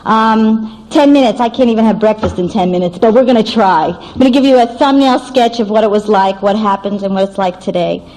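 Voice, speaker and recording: A woman's voice: medium pitch, fairly quick, few pauses, a little mellow, rough recording. An older woman from New York City giving a recovery meeting share, a little nervous, with self-deprecating humor, on an old cassette tape recording. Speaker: AA speaker.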